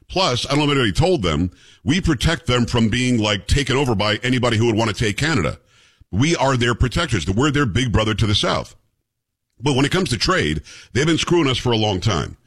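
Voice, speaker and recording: A male talk show host with a general American accent, delivering opinionated commentary in an animated, rising-and-falling voice. His tone is slightly husky, and he often trips over his first words before pressing on. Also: medium pitch. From New York. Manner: animated, opinionated, repeats words when starting sentences. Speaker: radio and podcast host.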